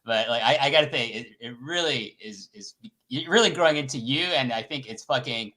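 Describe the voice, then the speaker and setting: A man's voice: medium pitch, fairly quick, sharp tone. A man speaking as a guest in a casual podcast chat, blunt and sweary and full of energy.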